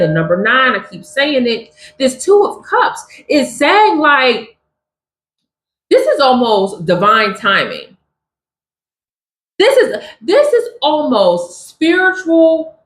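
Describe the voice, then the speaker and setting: A woman's voice: high-pitched, reverberant. A woman giving an emphatic spiritual tarot reading to her viewers. She keeps repeating catchphrases to them. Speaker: tarot reader.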